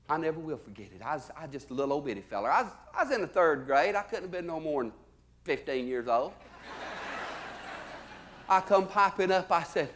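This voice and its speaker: A male stand-up comedian with a Southern US accent, telling folksy stories in a drawl and swinging between loud punchlines and low asides, recorded on a theater stage. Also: very animated, a little fast, pauses often. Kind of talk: live stand-up storytelling.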